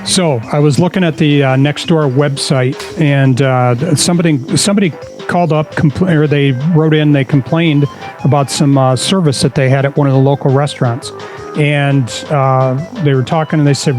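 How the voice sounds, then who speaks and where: A man's voice: fairly high pitch, steady tone, normal speed, a little mellow, faint music behind. A man co-hosting a casual podcast, telling stories in an easygoing way with plenty of fillers. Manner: easygoing storyteller, reads posts aloud with fillers. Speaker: podcast co-host.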